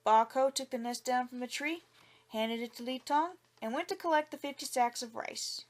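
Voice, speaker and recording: A woman narrating a folk tale in an expressive storybook reading. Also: high voice, normal speed.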